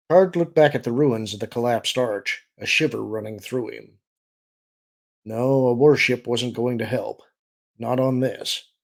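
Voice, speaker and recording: Gravelly male audiobook narrator. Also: medium pitch. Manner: steady, measured storytelling. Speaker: audiobook reader.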